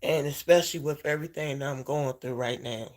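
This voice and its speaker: A man in a heartfelt personal chat with his viewers, tearful, halting and emotional. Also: on the high side, darkish tone. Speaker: vlogger.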